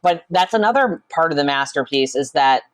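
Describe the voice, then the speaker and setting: An eager woman with a somewhat low voice gushes in casual podcast talk, full of fillers. She is recorded dry and close. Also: animated, fairly quick, dry recording. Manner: enthusiastic, gushing, many fillers.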